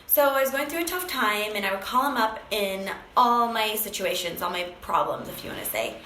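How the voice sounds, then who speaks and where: Animated woman telling a personal story. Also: mid-range voice, fairly quick, echoey room, slight background noise, low-quality recording. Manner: animated, acts out phone calls, many fillers. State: briefly tearful. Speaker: speaker sharing a personal story.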